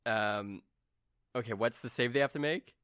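A man's voice: mid-range voice, moderate pace, a bit bright, clear, resonant tone, dry recording. A man running a tabletop role-playing game as game master, in a casual, playful way.

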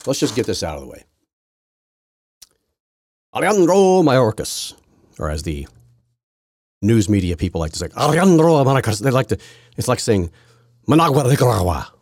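A man's voice: on the low side, sing-song, moderate pace, pauses often, a little mellow, no echo, clean studio sound. A man hosting a political podcast, talking in a rambling, sarcastic way with many restarts. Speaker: podcast host. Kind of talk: casual political commentary.

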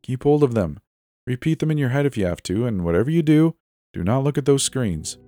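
A man's voice: medium pitch, lively intonation, fairly quick, mellow, no echo, voice pushed up, close to an everyday voice. A man voicing a bossy, urgent teenage girl who talks sharply and commandingly.

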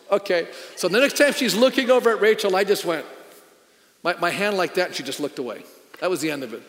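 A man's voice: high-pitched, animated, fairly quick, creaky, fairly bright tone, in a large hall. A middle-aged man, a pastor, preaching a sermon in a conversational, storytelling way with emphatic punches.

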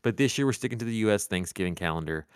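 A man's voice: lowish voice, lively intonation, very fast, clear, resonant tone, no echo, studio quality. A man co-hosting a casual comedic podcast chat, jokey and rambling with restarts. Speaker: podcast co-host, shop manager character.

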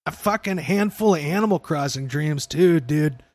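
A man's voice: a little high, moderate pace, darkish tone, no room sound. A young man hosting a casual podcast chat, laid-back and swearing freely, often calling his co-host "dude".

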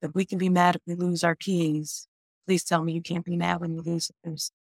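A woman's voice: on the low side, little pitch movement, fairly quick, vocal fry, no room sound, clean studio sound. A woman doctor on a podcast explains grief in a conversational way. She often says "like" and voices people's inner questions.

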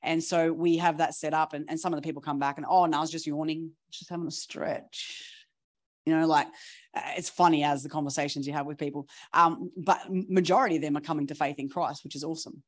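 A woman preaching, telling stories in a chatty, animated way with laughing asides. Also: low voice, quick pace. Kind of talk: storytelling sermon.

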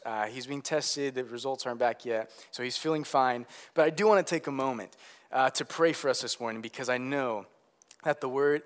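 A young man preaching as a pastor, earnest and animated, with many fillers and restarts. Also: fairly high pitch. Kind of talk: sermon.

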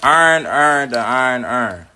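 A man with a Baltimore accent in a played-back video clip, talking loudly and laughing as he repeats a phrase. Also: mid-range voice, expressive, takes it slowly, a little hiss or hum.

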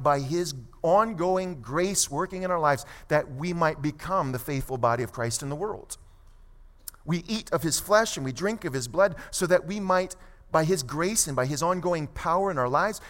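A man preaching a sermon as pastor, emphatic, with quick asides and slow, stressed phrases. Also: on the high side, fairly bright tone. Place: church sanctuary. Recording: long hall reverb.

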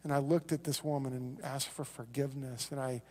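A middle-aged male pastor preaching a sermon, telling stories with lively acted-out dialogue and then dropping to soft, earnest lows. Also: a little fast, big-room sound. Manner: animated storytelling, acting out quoted voices, then dropping to soft earnest lows. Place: church sanctuary.

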